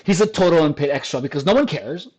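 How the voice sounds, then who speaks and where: A man reacts to online comments from home in a casual, crude vlog, scoffing, laughing a lot and restarting sentences. His voice is a little high and darkish with a breathy edge, lively in intonation and quick in pace, and the audio is poor.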